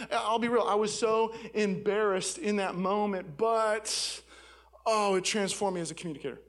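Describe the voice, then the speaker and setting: A man with a notably high voice delivers a sermon from a church stage. He talks candidly and conversationally, dropping in casual asides like "man" between points. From Seattle. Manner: candid, conversational storytelling with frequent "man" and "I'll be real". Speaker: pastor.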